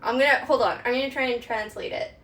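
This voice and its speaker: A woman's voice: a little high, fairly even intonation, quick pace, fairly bright tone, recorded from a distance. A woman chatting casually on a stream while she cooks, rambling with lots of fillers and giggles. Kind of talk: casual chat while cooking. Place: home kitchen. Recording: roomy sound from away from the mic, faint background noise.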